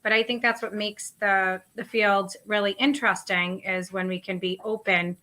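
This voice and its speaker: A woman's voice: mid-range voice, fairly even intonation, normal speed, pushed and bright. A woman co-hosting a casual chat, speaking in an encouraging, reflective way. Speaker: co-host.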